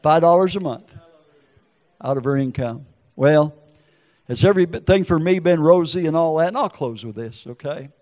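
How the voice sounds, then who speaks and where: An older man with a drawl delivers a heartfelt church testimony on a fairly high-pitched voice. He tells his story with feeling, sliding into other people's words as he goes. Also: moderate pace, a little mellow, long reverb tail. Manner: emotional storytelling with acted quotes. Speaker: preacher giving testimony. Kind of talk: testimony sermon.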